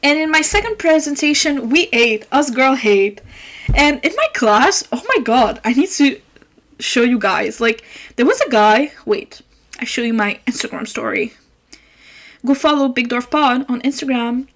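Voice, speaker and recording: A young woman hosting a podcast, yelling through a fast, profane rant about her day. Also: sits high, expressive. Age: young adult. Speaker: podcast host. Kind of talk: ranting casual podcast monologue.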